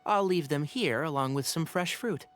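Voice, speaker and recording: An actor voicing a calm, practical young forest ranger in a video game, composed and friendly. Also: male voice, on the high side, moderate pace, faint music behind, lightly acted. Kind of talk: game voice acting.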